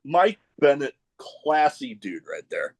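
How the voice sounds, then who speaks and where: A man hosting a podcast, telling stories with excitement and often restarting his phrases. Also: mid-range voice, takes it slowly, vocal fry, breathy edge. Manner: excitable storyteller, repeats starts of phrases. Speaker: podcast host. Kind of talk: casual chat.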